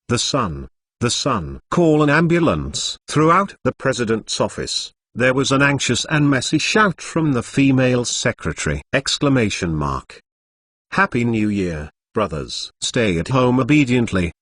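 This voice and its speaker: A man's voice: medium pitch, fairly bright tone, dry recording, clean studio sound. A text-to-speech male voice reading a translated web novel and speaking the punctuation marks aloud. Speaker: narrator. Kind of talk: machine-read web novel narration.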